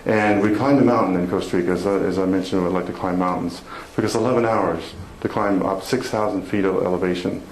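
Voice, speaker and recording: A man with a lowish voice tells a personal story to a live audience, laughing along at his own jokes. His voice rings around an echoey hall, with noise clearly heard under it. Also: steady tone, quick pace, hardly any pauses. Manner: warm, laughing, self-deprecating storytelling. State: emotional. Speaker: motivational speaker. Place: conference hall before an audience.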